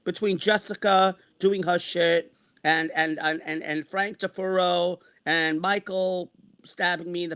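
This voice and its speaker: A man's voice: high-pitched, a bit bright. A man in his sixties ranting angrily and repeating himself, with frequent swearing. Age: 60s. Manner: heated, repetitive, swearing. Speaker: vlogger. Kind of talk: angry personal rant.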